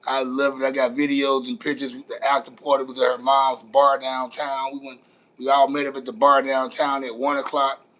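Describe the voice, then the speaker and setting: A man's voice: medium pitch, completely flat delivery, moderate pace, a bit bright, rough recording. A young man chatting casually, with loose and profane street talk, calling out to his viewers. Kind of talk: casual chat.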